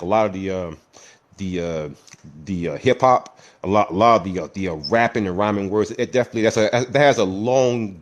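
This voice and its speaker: A man with a South Carolina accent hosting a casual online panel, talking animatedly and often repeating words as he restarts. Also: on the low side. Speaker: host. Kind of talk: casual live audio panel talk.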